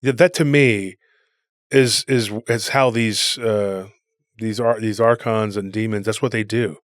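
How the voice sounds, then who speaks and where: A man's voice: on the low side, steady tone, measured pace, no room sound. Man rambling on a dry-sounding podcast. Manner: rambling storyteller, says "dude". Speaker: podcast co-host. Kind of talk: casual podcast conversation.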